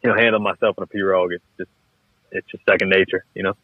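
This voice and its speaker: A man's voice: low-pitched, flat delivery, very fast, breathy edge, dry recording. A man from Louisiana with a Cajun accent, talking in a laid-back, rambling way as a podcast guest. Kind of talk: casual chat. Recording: tinny phone-like line, dry.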